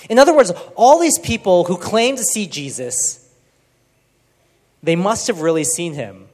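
A man's voice: high-pitched, expressive, measured pace, pauses often, darkish tone. Earnest man teaching in a reverberant space. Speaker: Bible teacher. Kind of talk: informal teaching talk. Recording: long reverb.

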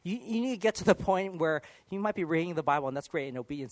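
A man preaching a sermon in an earnest, animated way, sometimes dropping to a hushed near-whisper. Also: fairly high pitch, racing, hardly any pauses.

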